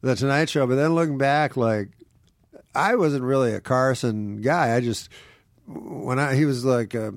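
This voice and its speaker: A man's voice: mid-range voice, a little slow, no echo, clean studio sound. A man, a guest comedian, telling rambling, wry anecdotes in casual talk full of fillers. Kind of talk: casual storytelling on a podcast.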